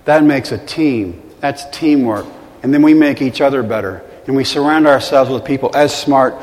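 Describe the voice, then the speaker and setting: A man telling a personal story to a live audience, earnest and self-deprecating, dropping quiet at the emotional moments. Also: mid-range voice, normal speed. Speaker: motivational speaker. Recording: long hall reverb.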